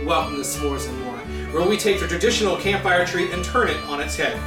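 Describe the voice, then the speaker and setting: A man's voice: fairly high pitch, brisk, few pauses. A man hosting a casual cooking show, upbeat and chatty with a self-mocking humor. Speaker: host. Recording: roomy echo, distant mic, music behind.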